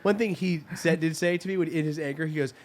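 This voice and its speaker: Fast-talking man telling a story. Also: on the high side. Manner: fast, animated storyteller acting out quotes. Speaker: podcast co-host. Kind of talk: casual storytelling chat.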